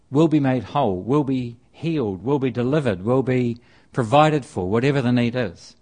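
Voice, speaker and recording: A man giving a sermon in a relaxed, chatty way. His pitch sits in an ordinary middle range, and he often repeats words and restarts his sentences as he works through a passage. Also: a little fast, few pauses. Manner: conversational, with frequent restarts and repetition. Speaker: preacher.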